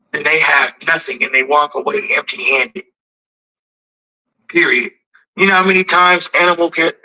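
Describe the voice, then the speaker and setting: A man's voice: a little high, vocal fry, bright, forceful tone. A man talking casually about keeping dogs, often repeating himself and acting out quoted back-and-forth exchanges. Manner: repetitive, restarts, acts out quoted exchanges. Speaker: dog breeder. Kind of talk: casual talk. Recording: dull lo-fi audio.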